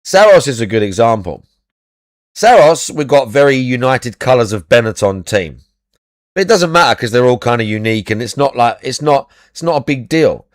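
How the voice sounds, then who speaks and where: A man's voice: mid-range voice, animated, a little fast, no echo, clean studio sound. A young adult man chatting casually as a podcast co-host, blunt and sweary, repeating his points. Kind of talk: casual chat.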